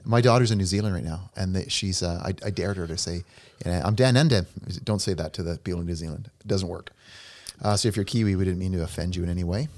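A man's voice: deep voice, steady tone, fast talker, a little mellow. A middle-aged man co-hosting a casual podcast, a chatty, jokey storyteller who rambles. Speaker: podcast co-host and pianist. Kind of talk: casual chat.

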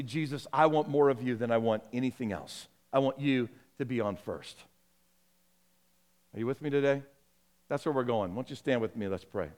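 A man preaching a sermon as pastor and leading the church in prayer, rising with passion and then dropping soft and low. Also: normal speed.

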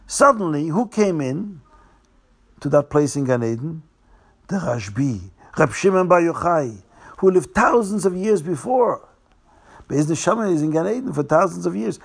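Male storyteller, slightly higher pitch; repeats and restates, slows for dramatic beats. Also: sing-song, gravelly, husky. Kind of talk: telling a Hasidic tale.

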